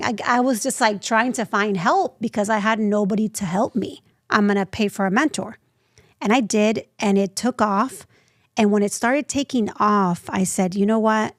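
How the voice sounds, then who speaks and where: Animated woman telling her story. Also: mid-range voice, moderate pace, no room sound, studio quality. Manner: animated, acts out quoted voices. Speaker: nonprofit founder, podcast guest. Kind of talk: casual interview storytelling.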